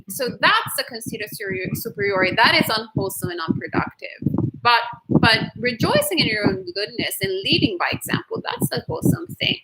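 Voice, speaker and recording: A woman from Italy, a Buddhist nun, answering viewers' questions in a playful, animated way during a live talk. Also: high voice, a little fast, creaky, heavy background noise. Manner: animated, laughs often, playful.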